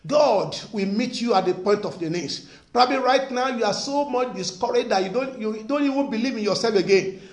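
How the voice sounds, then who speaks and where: A man's voice: very high-pitched, lively intonation, fairly quick. A man preaching a sermon as pastor, emphatic, repeating phrases and asking the congregation questions. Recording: echoey room.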